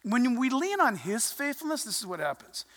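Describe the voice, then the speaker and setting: Animated pastor preaching in a reverberant church. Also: mid-range voice, normal speed. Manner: animated, conversational, acts out quotes. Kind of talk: sermon. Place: church sanctuary.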